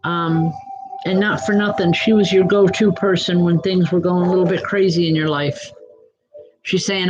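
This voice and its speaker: A woman acting as a reverend and psychic medium, giving live readings in a gentle, reassuring way and calling viewers by name, with many "um" fillers. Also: on the low side, steady tone, normal speed, highs cut off.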